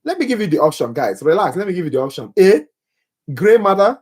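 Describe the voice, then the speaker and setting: A man's voice: high voice, big pitch swings, quick pace, darkish tone, slightly rough. Man tutoring exam questions live. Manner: quizzes viewers, reads options aloud, jokes about his accent. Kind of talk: live exam-prep review.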